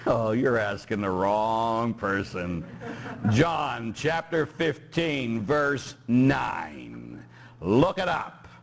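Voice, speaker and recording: A man's voice: medium pitch, sing-song, very slow, gravelly, a little hiss or hum. A middle-aged man from Pittsburgh, a Catholic priest preaching a sermon and joking with his congregation.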